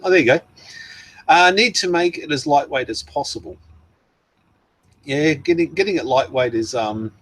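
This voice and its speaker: A man with an Australian accent, hosting a casual livestream, rambling and laughing as he answers viewers. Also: medium pitch. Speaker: livestream host. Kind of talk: casual livestream chat reading comments.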